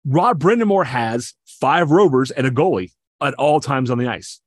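A man co-hosts a sports podcast in a casual, enthusiastic way, going on at length and often stammering as he restarts. His mid-range voice is expressive at a moderate pace, recorded in studio quality with no echo.

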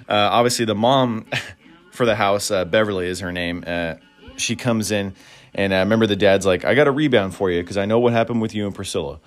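Casual podcast host, man, lowish voice, chuckles and says "uh" a lot while recapping films, faint music behind. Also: fairly bright tone. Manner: chuckling, rambling with frequent "uh" fillers. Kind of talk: casual solo podcast commentary.

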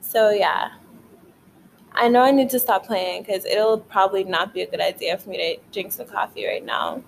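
A woman's voice: medium pitch, normal speed, vocal fry, a little hiss or hum, rough recording. A young woman chatting casually in a late-night vlog, rambling and swearing, filling her talk with "like", tired but wired. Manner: rambling, profane, frequent "like" fillers. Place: her bedroom at home.

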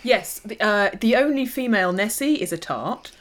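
A woman's voice: mid-range voice, animated, normal speed, fairly bright tone. A woman co-hosting a podcast, chatting casually with wry, self-mocking humour and playful asides. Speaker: podcast co-host. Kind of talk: casual chat reviewing a cartoon.

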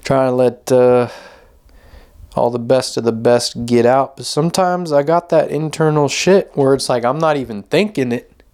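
Young guy on his podcast, rambles a lot, swears constantly, says like and man every few words, mid-pitched voice. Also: normal speed, a little mellow, smooth. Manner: rambling, profane, heavy on "like" and "man". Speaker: podcast host. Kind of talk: casual monologue.

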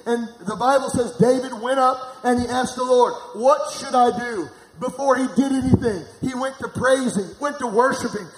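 A man from Missouri preaching a sermon, calling for responses from the congregation and swelling into shouts. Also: very high-pitched, moderate pace, hardly any pauses, echoey room, a little hiss or hum, low-quality recording.

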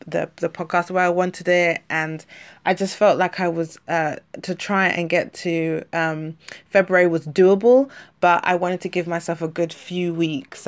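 A woman's voice: lowish voice, creaky. A woman from London with a London accent and a slight lisp, rambling chattily through a solo podcast with many fillers and self-corrections. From London, England. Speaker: podcast host.

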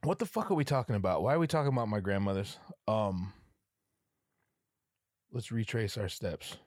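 A man's voice: lowish voice, normal speed, dry recording, studio quality. A man hosting a podcast alone, telling stories in a rambling, profane, casual way. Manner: rambling, profane, animated storytelling. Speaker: podcast host. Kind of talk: casual monologue.

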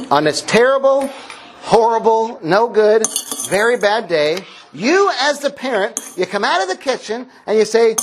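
A man, a father of four, preaching a lively sermon with a playful, joking storytelling manner. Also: high voice. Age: adult parent. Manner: playful, jokey storytelling with laughs. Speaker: pastor. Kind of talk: sermon object lesson.

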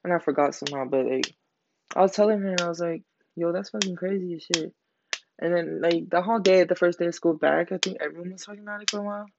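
A late-teen podcast host who rambles through stories in a loose, slangy voice and swears constantly. The pitch sits in an ordinary middle range. The sound is dull and lo-fi, with a faint hiss underneath. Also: rapid-fire, vocal fry. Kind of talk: casual storytelling monologue. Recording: dull lo-fi recording.

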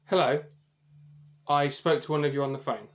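A busy older scientist, as a man puts him on, talking fast and getting straight to business in a tabletop game. His voice stays close to an everyday speaking voice. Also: medium pitch, fairly even intonation, dull audio, close to an everyday voice. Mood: brisk. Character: older male lab scientist, brisk and busy.

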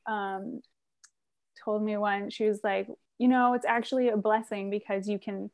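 A woman's voice: mid-range voice, steady tone, normal speed, darkish tone. A woman hosting a podcast, talking in a reflective, thinking-aloud way with lots of fillers. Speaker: podcast host. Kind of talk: casual conversation.

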